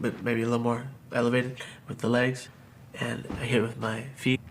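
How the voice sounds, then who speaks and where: Man telling his story, halting and emotional. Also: medium pitch, a little hiss or hum. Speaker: suicide attempt survivor. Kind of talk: personal testimony. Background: background music.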